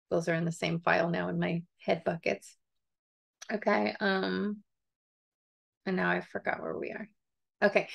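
A woman's voice: mid-range voice, creaky, fairly bright tone. A woman reading a book chapter aloud for a book club, breaking off into chatty, digressive asides and frequent laughs.

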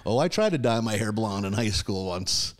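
A man, a comedian, telling stories in casual podcast chat, swearing constantly and animated. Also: fairly low pitch, unhurried. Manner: profane, animated storytelling.

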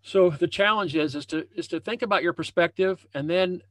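A man with a fairly high voice gives a relaxed motivational coaching talk over a video call. He keeps circling back and repeating his phrases. The sound is dry and close, with no room echo. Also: brisk. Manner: conversational, repeats phrases and restarts often. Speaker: leadership and success coach. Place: home room with a banner hung as backdrop.

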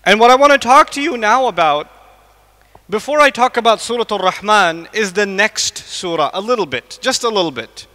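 High, sharp-voiced man lecturing in a mosque. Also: expressive, normal speed. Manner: quizzes the audience with repeated questions. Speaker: Islamic lecturer. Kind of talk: lecture to a live audience. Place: large mosque hall. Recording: long echo of a mosque hall.

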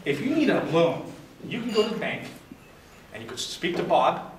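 A man's voice: fairly high pitch, very animated, normal speed. A man giving a humorous prepared speech at a club event, telling a story with comic timing. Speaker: toastmasters speaker. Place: restaurant dining room at a club event. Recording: echoey room, distant mic, background noise.

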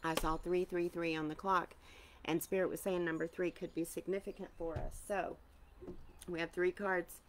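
A woman's voice: on the low side, flat delivery, normal speed, a little hiss or hum. A woman doing a chatty live-streamed tarot reading, greeting viewers by name, with a tickled throat that keeps making her cough. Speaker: tarot reader.

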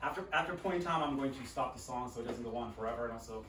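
A man hosting a live comedy game show, jokey and quick to undercut his own jokes. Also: mid-range voice. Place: live show in a roomy venue. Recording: echoey room, mic far off, noisy.

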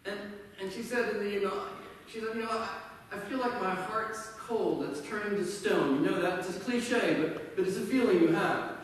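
Guy preaching a sermon, kinda high voice, big echoey church, mic pretty far off. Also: normal speed, a little hiss or hum. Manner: conversational storytelling, self-deprecating humor. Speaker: pastor. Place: church sanctuary.

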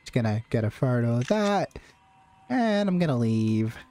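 A gaming channel host giving excitable, jokey commentary while playing a horror game. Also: mid-range voice, moderate pace. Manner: excitable, jokey, reacts out loud. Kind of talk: let's-play commentary. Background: game music.

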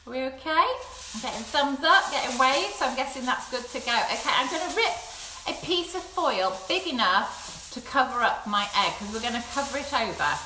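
A woman with a bright, sharp tone guides small children through a craft project, gentle and encouraging as she talks. She is recorded on a phone at home, and the room is echoey with a faint hiss behind her. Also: high voice, expressive. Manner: gentle, encouraging, speaking slowly to young children. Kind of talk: live-streamed play-along craft session. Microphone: phone camera.

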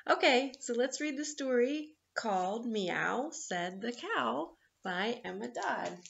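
A woman reading a picture book aloud to children at story time, in a gentle, playful storyteller's manner. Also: fairly high pitch, lively intonation, takes it slowly, gravelly, a little hiss or hum. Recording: echoey, slightly dull room.

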